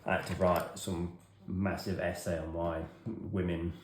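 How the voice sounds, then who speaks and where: A man's voice: low voice, little pitch movement, unhurried, reverberant, slight background noise. An English man in his forties telling a rambling, self-deprecating story while tidying his hobby room. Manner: self-deprecating, wry, chatty. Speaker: hobby vlogger.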